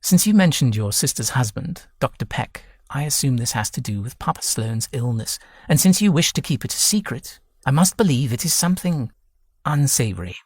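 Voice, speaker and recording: A man's voice: medium pitch, lively intonation, normal speed, slightly rough, dry recording, clean studio sound. A man voicing a proud young man who speaks curtly and indignantly. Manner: curt, indignant.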